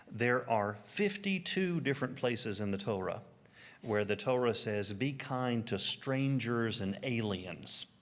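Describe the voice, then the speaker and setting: A man with a Southern American accent preaching a sermon, telling stories and putting on voices for quotes. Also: fairly low pitch. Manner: storytelling, animated, puts on voices for quotes. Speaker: pastor.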